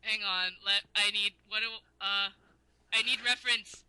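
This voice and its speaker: A woman's voice: mid-range voice, fairly even intonation, moderate pace, pushed and bright, smooth, no room sound, low-quality recording. A woman co-hosting a casual podcast, teasing and laughing a lot. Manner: giggly, teasing. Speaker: podcast co-host. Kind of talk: casual chat.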